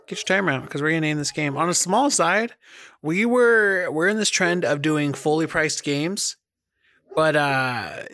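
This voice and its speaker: A man's voice: on the high side, bright, forceful tone, no room sound, studio quality. A man in casual chat, talking with energy and steering the conversation.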